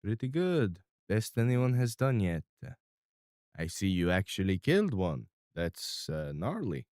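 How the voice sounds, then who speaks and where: A man's voice: fairly low pitch, big pitch swings, unhurried, darkish tone, no room sound, clean studio sound. A man voicing Mister R, a vengeful villain in a tabletop game who threatens the heroes. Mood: smug.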